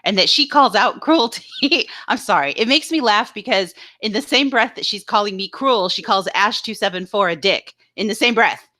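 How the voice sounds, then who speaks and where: A woman co-hosting a casual live stream, telling a story in an animated, indignant way. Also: mid-range voice, moderate pace, hardly any pauses. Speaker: co-host.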